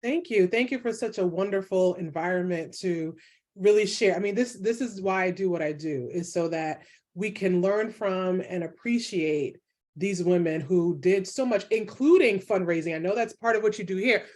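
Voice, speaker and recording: A woman historian speaking as an interview guest, earnest and quick to laugh. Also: lowish voice, darkish tone. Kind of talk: conversational interview.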